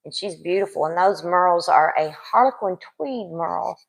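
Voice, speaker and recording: Chatty, lower-voiced woman co-host. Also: animated, normal speed, creaky, low-quality recording. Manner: chatty, enthusiastic, affirming. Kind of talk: casual live-stream chat.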